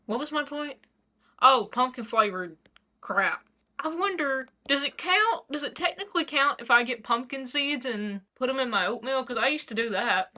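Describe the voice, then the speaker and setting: A woman's voice: high-pitched, expressive, moderate pace, bright, forceful tone. Chatty young Tennessee woman. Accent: Tennessee Southern. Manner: chatty, self-mocking, rambling asides. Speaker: book vlogger. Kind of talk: casual vlog chat. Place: home kitchen.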